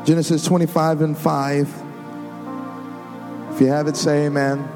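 A man preaching a sermon to a congregation, building from plain talk into sung, shouted climaxes. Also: fairly high pitch, little pitch movement, a little slow. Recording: music behind the voice.

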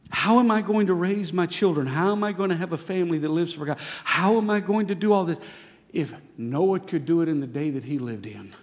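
A young man preaching a sermon as a pastor, swinging from hushed whispers to shouted exhortation. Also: fairly high pitch, expressive, a little fast, big-room sound.

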